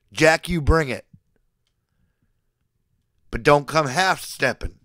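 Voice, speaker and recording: A man in his forties preaches a mock sermon at his live chat, veering between swaggering, profane threats and affectionate declarations. His voice is a little high and fairly bright, and he speaks slowly with frequent pauses. Studio-quality audio, no echo.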